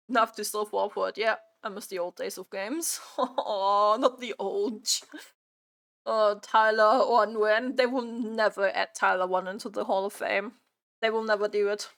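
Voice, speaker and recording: A woman streamer chatting during a live reaction stream, exasperated and repeating her own phrases out loud. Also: mid-range voice, fairly even intonation, normal speed.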